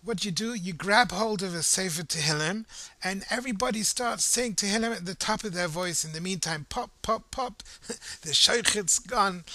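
A man telling a story in a lively, conversational way, addressing the listener directly and acting out the voices of crowds. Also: high-pitched, no room sound. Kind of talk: animated oral storytelling.

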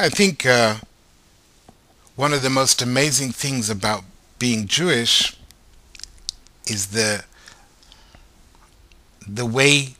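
Guy teaching torah, really bright tense voice, keeps asking rhetorical questions. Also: medium pitch, no echo. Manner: animated, asks rhetorical questions.

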